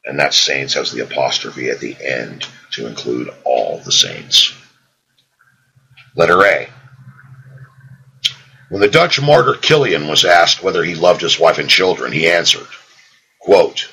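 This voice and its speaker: A man reading an old devotional book aloud in a slow, solemn way, lifting his voice on the quoted sayings. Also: extremely low pitch, vocal fry, low-quality recording. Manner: slow, solemn reading with lively rises on quotations; reads out "quote" and "close quote" markers. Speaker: audiobook reader.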